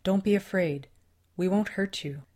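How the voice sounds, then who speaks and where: A woman's voice: medium pitch, unhurried, warm tone, lightly acted. A woman voicing a friendly, teasing young male coyote shapeshifter in an audiobook, cheerful and reassuring.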